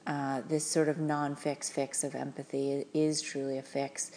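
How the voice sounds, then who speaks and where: Low, gravelly woman giving gentle parenting advice. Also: flat delivery, unhurried, slight background noise. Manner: gentle, earnest, with frequent fillers and restarts. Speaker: parenting advisor.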